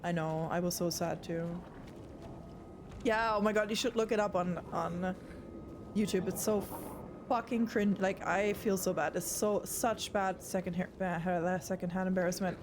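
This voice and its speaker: A woman's voice: on the low side, fairly even intonation, normal speed, background noise. A young woman streaming a horror game, chatting casually with her viewers and swearing often. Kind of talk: casual live gameplay chat.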